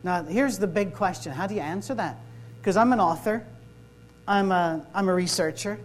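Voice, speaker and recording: A man's voice: high-pitched, moderate pace, faint music behind, poor audio. A man, a minister giving a sermon-style workshop talk, telling stories, acting out the dialogue and joking. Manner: storytelling, acts out dialogue, joking.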